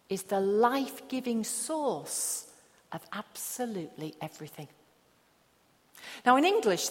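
Slow-preaching woman in an echoey hall. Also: medium pitch. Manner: slow, emphatic preaching with long pauses. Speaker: pastor. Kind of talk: sermon. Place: church hall.

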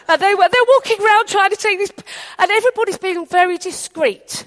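An Englishwoman with a very high, fairly quick voice preaches a sermon as chatty storytelling, animatedly acting out the people and quotes in her anecdotes.

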